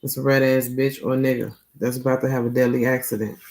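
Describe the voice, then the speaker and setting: A man's voice: medium pitch, level tone, quick pace, gravelly, a little mellow, low-quality recording. A man giving a casual, profane tarot reading, tagging his points with a questioning "okay?". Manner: loose and profane, tags lines with "okay?". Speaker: tarot reader.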